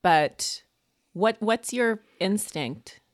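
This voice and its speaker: A woman's voice: medium pitch, animated, extremely slow, no echo, clean studio sound. Candid laughing woman podcast host. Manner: candid, laughing, self-deprecating storytelling. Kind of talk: casual conversation and read ad.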